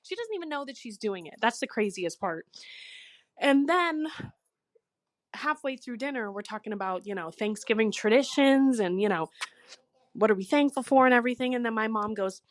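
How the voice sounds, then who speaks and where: A woman's voice: a little high, animated, moderate pace, no echo. A young woman telling a cringe story in a chatty, exasperated way, as a recorded voice message to a podcast. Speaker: listener sending in a story.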